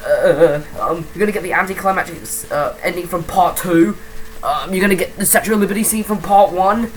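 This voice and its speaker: A woman's voice: fairly low pitch, brisk, a little hiss or hum, low-quality recording. A woman giving a profane, rambling, mocking comedic film review.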